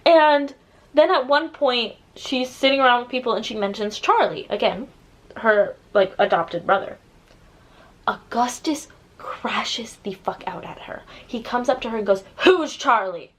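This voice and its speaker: A woman's voice: fairly high pitch, normal speed, low-quality recording. A woman ranting through a book review in casual chat, sarcastic and full of swearing, acting out characters' lines. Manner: sarcastic, swears a lot, animated quoting.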